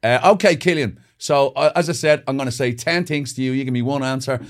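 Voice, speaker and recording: A man with an Irish accent hosting a football podcast, chatty and quick to laugh. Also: mid-range voice. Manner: laughs often, easygoing quizmaster. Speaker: podcast host. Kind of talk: casual chat.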